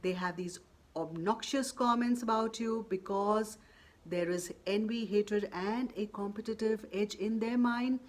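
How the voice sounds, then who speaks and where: A woman's voice: medium pitch, a little mellow. A woman presenting workplace advice straight to her viewers, in a firm, emphatic way that keeps stepping through examples. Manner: firm and emphatic, repeating "or you could say" between examples. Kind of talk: direct-to-camera advice talk.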